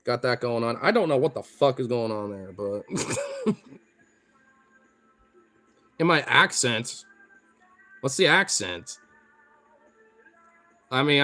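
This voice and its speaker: A man with a Pacific Northwest accent, a streamer chatting casually with viewers, excitable, swearing freely and laughing often. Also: medium pitch, normal speed, long pauses, faint music behind. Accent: Pacific Northwest American. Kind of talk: casual chat answering viewer comments.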